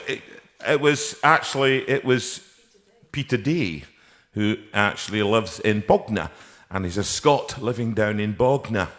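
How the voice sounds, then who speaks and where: A man's voice: fairly low pitch, a bit bright. A man hosting a casual live stream from a music room, telling jokes in a rambling, playful way with many restarts. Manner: jokey, rambling with restarts, tells puns. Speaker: singer and host. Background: piano.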